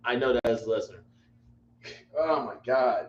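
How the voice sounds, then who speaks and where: A livestream host with a medium-pitched voice talks at a moderate pace, rambling in casual chat and repeating himself out of exasperation. The echoey room, dull lo-fi mic and faint hum mark the recording.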